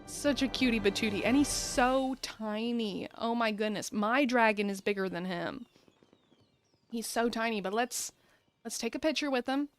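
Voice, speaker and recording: A woman's voice: fairly high pitch, normal speed, faint music behind. A young woman hosting a casual gameplay video, playful and giggly, reading game dialogue aloud. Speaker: gaming video host.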